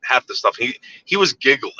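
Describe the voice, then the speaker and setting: A man's voice: mid-range voice, expressive, a little fast, bright, forceful tone, no echo, highs cut off. A man in casual chat, telling a story in a rambling, profane way with frequent repeated words and restarts.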